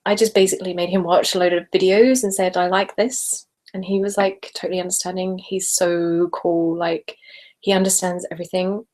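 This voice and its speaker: A woman's voice: on the low side, little pitch movement, normal speed, darkish tone. A young woman hosting a casual live stream, chatting and giggling as she answers viewers. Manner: chatty and giggly, speaks normally rather than whispering.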